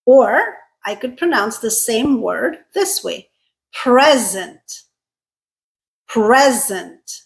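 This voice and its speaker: A woman teaching English pronunciation, speaking slowly and carefully, stressing syllables to contrast word pairs. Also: on the high side, big pitch swings, vocal fry, low-quality recording. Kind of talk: scripted teaching.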